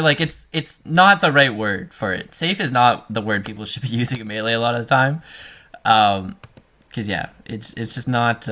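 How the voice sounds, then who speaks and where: A man coaching a student over gameplay in a relaxed, talky way, full of fillers and restarts. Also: medium pitch.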